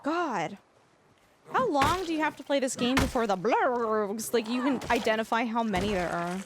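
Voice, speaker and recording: A woman's voice: a little high, animated, normal speed, background noise. Chatty woman streaming a game. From Canada. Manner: chatty, rambling, lots of filler "like"; gushing, effusive toward viewers. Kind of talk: live gameplay commentary.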